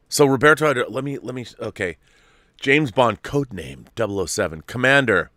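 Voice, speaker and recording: A man hosting a casual live-stream chat, excitable and gushing, rambling with restarts. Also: mid-range voice, fairly quick, no echo, studio quality. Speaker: host.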